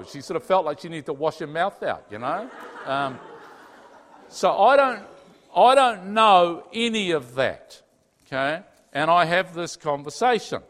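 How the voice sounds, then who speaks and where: A man telling a personal story to a live audience in an animated way, acting out both sides of the conversations. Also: fairly high pitch, moderate pace. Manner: animated storyteller, acts out his own and God's replies in dialogue. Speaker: speaker sharing a personal story. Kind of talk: testimony talk to a live audience. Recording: hall reverb.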